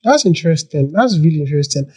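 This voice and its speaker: A podcast host asking casual interview questions in a relaxed, chatty way, with restarts. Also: mid-range voice, fast talker, breathy edge.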